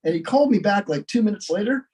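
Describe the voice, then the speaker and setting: A man's voice: high voice, expressive, fast talker, darkish tone, recorded from a distance, poor audio. A man co-hosting a casual talk show, telling prank-call stories and laughing as he acts them out. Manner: laughs through stories, acts out phone calls. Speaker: podcast co-host.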